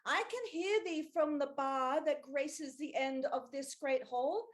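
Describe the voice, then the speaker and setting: A woman's voice: high-pitched, measured pace. A woman improvising as a bold suffragette lady, declaiming in mock-Shakespearean speech. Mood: indignant. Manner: declamatory, old-fashioned speech with thee and thou. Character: bold young suffragette lady, earnest and rousing. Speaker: improv stage actor.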